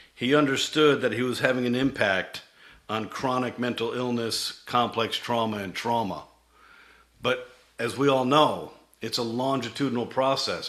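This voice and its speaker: A man's voice: medium pitch, bright, forceful tone. A middle-aged man, a company CEO, telling his founding story in a vivid presentation that acts out quoted dialogue.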